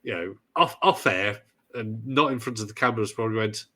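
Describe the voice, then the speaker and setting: A man's voice: fairly low pitch, a little fast, bright, forceful tone. A man with a Midlands accent co-hosting a podcast in casual chat, rambling and hesitant with jokey asides. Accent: English Midlands. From English Midlands. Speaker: podcast co-host.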